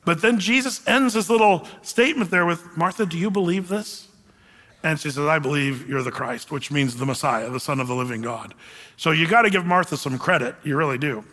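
A man delivers a sermon in a high, bright voice. He preaches emphatically, mixing scripture reading with folksy asides, and a long reverb trails his words. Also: fairly quick. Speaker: pastor.

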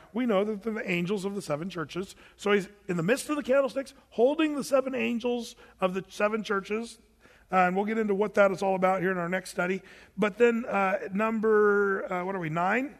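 A man's voice: sits high, long reverb tail. A male pastor preaching a sermon in a conversational way, often acting out imagined questions from his listeners.

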